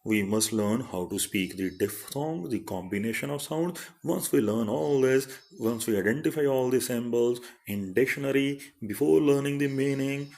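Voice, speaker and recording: A man's voice: mid-range voice, moderate pace, vocal fry, hardly any pauses, a little mellow. A middle-aged man giving an online phonetics lecture as a college principal, carefully repeating word pairs to demonstrate sounds.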